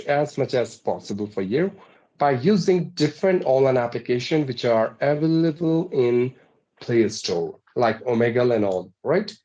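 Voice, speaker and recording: A man's voice: medium pitch, warm tone, low-quality recording. A man earnestly explaining, point by point, how he learned to speak, as an interview guest. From India. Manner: earnest, explanatory, numbered tips. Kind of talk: interview answer.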